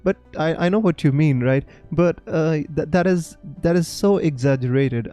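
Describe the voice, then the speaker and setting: A young Indian man with an Indian English accent, chatting casually on a live stream, halting with many fillers as he answers viewers. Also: fairly high pitch, warm tone, soft background music. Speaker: fantasy football streamer.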